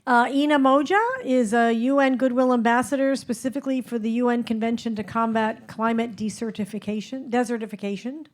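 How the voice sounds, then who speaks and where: A woman moderates a panel and introduces each guest in turn. Her voice is slightly high, and her introductions are upbeat and full of praise. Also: fairly even intonation, brisk, few pauses.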